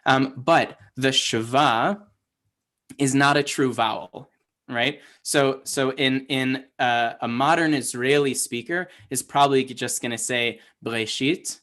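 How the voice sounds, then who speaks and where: The speaker is a Hebrew teacher running a language class by video call, patient in his explanations and frequently checking on his students. He takes it slowly, with a medium-pitched, fairly bright voice.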